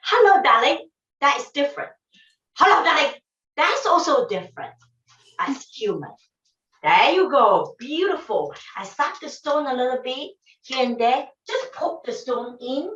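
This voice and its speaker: A woman's voice: high voice, sing-song, takes it slowly, fairly bright tone. A woman teaching flower arranging in a casual demonstration, talking emphatically and repeating her phrases in non-standard English. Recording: echoey room, distant mic, dull sound.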